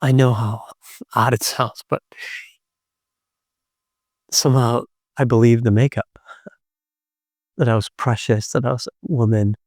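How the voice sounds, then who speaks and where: Middle-aged male storyteller, gentle and reflective, mid-pitched voice, dry close sound. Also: no room sound. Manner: gentle, unhurried, with thoughtful pauses. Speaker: storyteller and podcast co-host.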